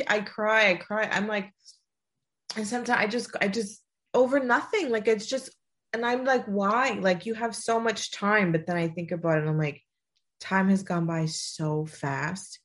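A woman's voice: medium pitch, measured pace. A young mother chatting casually, laughing often and acting out what others said. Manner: emotional, laughs often, acts out quotes. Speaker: podcast co-host, mother of a baby son. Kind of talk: casual chat.

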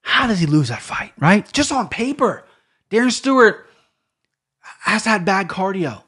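A man hosting a casual MMA podcast, blunt and profane, rambling through fight picks with lots of restarts. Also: fairly high pitch. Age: adult with a young daughter. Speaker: podcast host.

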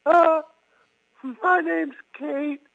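A man's voice: very high voice, steady tone, gravelly, no echo, full character voice. A man playing a shy stammering girl on the phone. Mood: hesitant. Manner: halting, stammering. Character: shy hesitant young woman caller at a mall. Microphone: phone call. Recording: tinny phone line.

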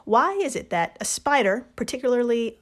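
A woman's voice: a little high, sing-song, normal speed. A woman co-hosting a casual podcast, laughing often as she tells a story and reads quotes aloud. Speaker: podcast co-host.

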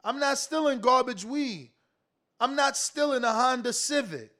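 A man's voice: extremely high pitch, animated, unhurried, a loud crowd. A man hosting a boxing call-in show, ranting profanely and mocking callers over and over. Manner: profane, mocking, repeats himself. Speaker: boxing podcast host. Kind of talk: taking calls, heated rant.

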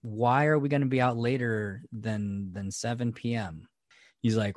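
A man co-hosting a casual podcast, animated and laughing often, cursing freely as he chats. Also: medium pitch, moderate pace, no echo, clean studio sound. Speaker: podcast co-host.

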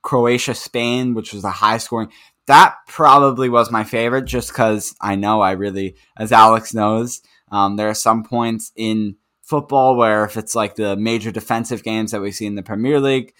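Casting: male podcast co-host, lowish voice, loose rambling football chat. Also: fairly even intonation, normal speed, sharp tone. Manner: rambling, filler-heavy recap. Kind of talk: casual sports chat.

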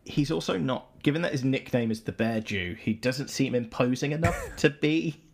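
A man's voice: mid-range voice, normal speed, vocal fry. A man guesting on a film podcast, joking and opinionated in casual chat.

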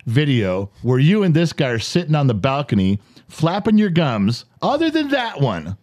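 A man in his forties hosting a podcast in a studio, telling a story in a lively, profane, laughing way. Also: a little high, moderate pace. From United States. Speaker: podcast host. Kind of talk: animated storytelling chat.

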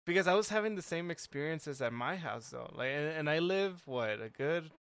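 A man with a slightly raised voice tells a story in halting bursts, restarting his sentences and leaning on filler words. The sound is dry and close. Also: on the high side, expressive, a bit bright, clear, resonant tone, dry recording. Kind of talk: casual storytelling.

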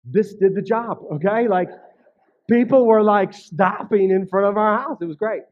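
A man with a notably high voice gives a casual, conversational sermon as a pastor. He keeps checking in with his listeners and repeats words as he gets going. The recording is slightly dull and lo-fi. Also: moderate pace. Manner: conversational, frequent "right?" and "okay?" asides; repeats words when starting phrases.

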